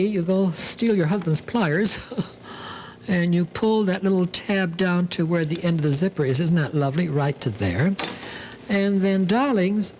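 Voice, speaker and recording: A man's voice: high voice, darkish tone, slight background noise, poor audio. A man hosting a sewing demonstration, talking in a theatrical, camp way, full of 'lovely' and 'darlings'. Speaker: sewing show host.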